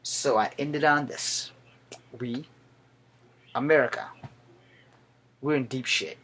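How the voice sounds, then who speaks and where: A man's voice: a little high, a little slow, long pauses, a bit bright. A man in his thirties, a veteran, giving a blunt, profane and heated political rant to the camera. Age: 30s.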